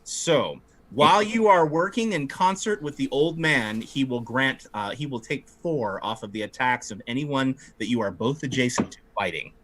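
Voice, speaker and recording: A man running a tabletop game as game master, narrating the action in an animated way and laughing often. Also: medium pitch, moderate pace, hardly any pauses.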